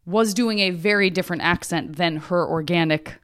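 A woman podcast host in casual chat, asking questions with animated curiosity. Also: fairly low pitch, normal speed, clear, resonant tone.

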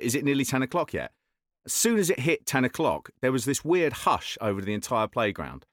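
A man in his forties, a panel guest telling a comic story with halting repetitions. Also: medium pitch, no echo, clean studio sound.

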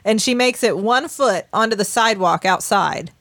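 A woman's voice: mid-range voice, moderate pace, dry recording. A woman, co-hosting a podcast as a casual chat, telling a story with lots of laughs and acted-out quotes. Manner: animated storyteller, laughs often, acts out quotes. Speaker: podcast co-host.

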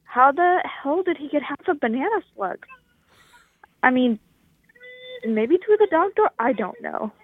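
A woman's voice: high voice, sing-song, unhurried, pauses often. A woman caller leaving a voicemail story and sounding grossed out and wry at her own mishap. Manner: grossed-out, wry, laughing at herself. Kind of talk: phoned-in voicemail anecdote. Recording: tinny phone line.

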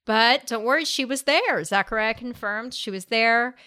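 Bright-voiced woman, podcast co-host. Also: a little high, moderate pace, clear, resonant tone, no echo, studio quality. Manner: animated storyteller, acts out quotes. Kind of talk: casual chat, retelling a séance.

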